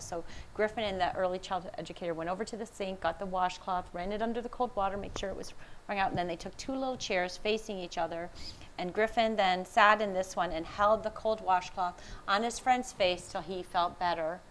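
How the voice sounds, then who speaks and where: A woman's voice: lowish voice, slight background noise, poor audio. A woman speaker and empathy researcher giving a conference talk, telling anecdotes with frequent laughter and quoted dialogue. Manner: warm anecdotal, laughs often, quoting others. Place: conference room.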